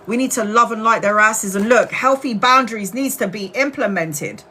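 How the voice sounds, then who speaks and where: A woman's voice: fairly high pitch, moderate pace, pushed and bright, a little hiss or hum. A woman doing a casual live-stream tarot reading, blunt and chatty, with the odd swear word. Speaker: tarot reader.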